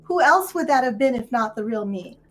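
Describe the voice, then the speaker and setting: A woman's voice: on the high side, lively intonation, a little fast. A woman player in a tabletop game, laid-back and wry, chatting in and out of character. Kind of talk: casual tabletop role-play chat.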